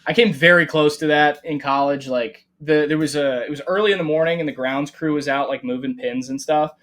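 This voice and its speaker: Animated, swearing golf podcast host. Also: male voice, fairly high pitch, a little fast. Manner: animated storyteller, swears freely. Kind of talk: casual golf chat.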